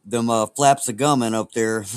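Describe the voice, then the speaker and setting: A man jokes around loosely and swears casually. His voice is smooth and resonant, and the sound is dry and close. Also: medium pitch, unhurried, no echo. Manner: loose, joking, profane. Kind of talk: casual chat.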